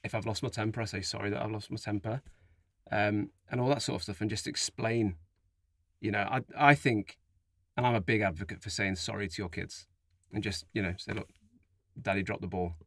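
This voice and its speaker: A man's voice: fairly low pitch, steady tone, brisk, vocal fry, dry recording. A man co-hosting a parenting podcast, giving earnest advice on apologising to children. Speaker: podcast co-host. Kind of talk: casual chat.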